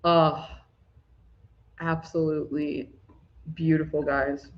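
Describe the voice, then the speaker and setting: Soft gushy woman doing a spiritual livestream, laughs a lot, kinda dull audio. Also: sits low, little pitch movement, slow. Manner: soft-spoken, gushing, laughs often. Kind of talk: live spiritual talk to chat viewers.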